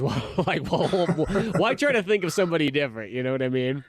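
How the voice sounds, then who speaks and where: Male podcast co-host, quick and rambling, swears casually, dry close mic. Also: on the high side, no echo. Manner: animated, swears casually, rambling with many fillers. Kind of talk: casual chat.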